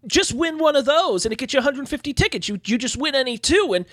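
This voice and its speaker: A man's voice: very high voice, expressive, fast talker, a bit bright, pitched above the performer's own voice. A man doing an eager young arcade worker.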